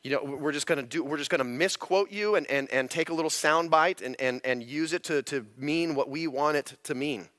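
Guy pastor preaching, bright voice, dry close sound, keeps restarting words. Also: fairly high pitch, brisk, hardly any pauses, no room sound. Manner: conversational, with frequent repeated words and restarts. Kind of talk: expository sermon. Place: church sanctuary.

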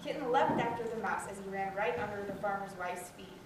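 A woman reading a children's story aloud with lively expression at a school program. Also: mid-range voice, brisk. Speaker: student reader. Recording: echoey hall from far off, noisy.

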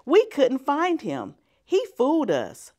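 A woman voicing a cheerful group of young children in a storybook reading, eager and bright. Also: high-pitched, wildly swooping pitch, slow, voice pushed up, heavily acted. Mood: excited.

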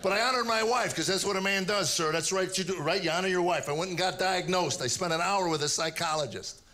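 A man's voice: high-pitched, fast talker. A man in his sixties doing a stand-up routine on stage, telling stories in a dry way and acting out the quotes. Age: 60s. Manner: dry storytelling with acted-out quotes. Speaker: stand-up comedian. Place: comedy stage with a live audience. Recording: loud audience laughter and room noise.

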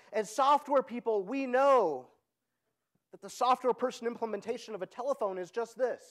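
An energetic man giving a keynote at a tech conference, often asking the audience "right?" as he goes. His voice is pitched high, and his delivery is lively and persuasive. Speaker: conference speaker. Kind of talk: keynote talk.

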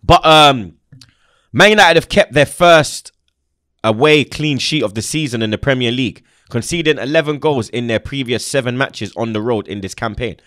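A young man talks football in casual, animated banter. He is full of slang and swearing, and laughs freely. His mid-pitched voice is recorded close and dry. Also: normal speed, no room sound. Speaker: football channel host.

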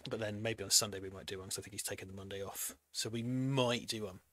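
A man's voice: on the low side, steady tone, a bit bright. A man hosting a live stream, chatting casually in a jokey, rambling way. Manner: jokey, rambling, quick to laugh. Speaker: stream host.

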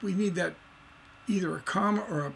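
A man's voice: high voice, a little fast, creaky, fairly bright tone, slight background noise. A middle-aged man teaching songwriting on a livestream, explaining with many fillers and restarts and tapping out rhythms in nonsense syllables. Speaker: songwriting instructor.

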